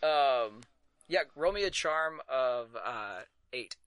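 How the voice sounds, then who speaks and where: A man narrating as game master of a tabletop game, halting with many fillers and quick to laugh. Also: mid-range voice, lively intonation, a bit bright, clean tone, no room sound.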